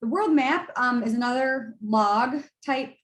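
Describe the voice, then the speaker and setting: A woman's voice: a little high, a little slow, echoey room, low-quality recording. A woman, a college instructor, giving a tired, casual screen-share lecture full of fillers and restarts. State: tired, yawning.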